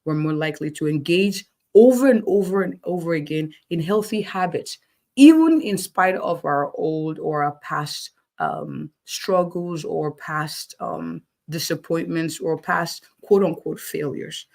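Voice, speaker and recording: A woman's voice: low-pitched, lively intonation, unhurried, gravelly, a little mellow. A woman physician answering interview questions, encouraging and checking in with listeners, often repeating words for emphasis. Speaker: physician guest.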